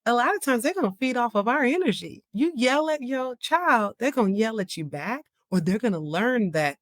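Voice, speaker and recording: A woman's voice: fairly high pitch, lively intonation, moderate pace, hardly any pauses, no echo, studio quality. A woman psychiatrist hosting a podcast, talking candidly and casually, with plenty of "like" and "you know.". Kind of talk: casual podcast talk on parenting.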